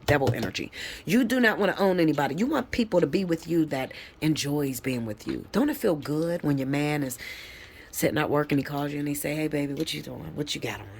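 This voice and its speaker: A woman giving a live tarot reading, lecturing her viewers bluntly and with plenty of swearing. She turns emphatic and leaps up high when she gets fired up. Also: animated, a little fast, a little mellow, slight background noise. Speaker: tarot reader.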